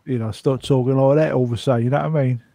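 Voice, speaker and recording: A man's voice: medium pitch, steady tone, rapid-fire, vocal fry, mellow, no room sound. Man from Wales with an Americanized accent, chatty storyteller, dry close sound. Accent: Welsh-born, Americanized. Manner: rambling storyteller, frequent restarts. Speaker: podcast co-host. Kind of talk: casual chat.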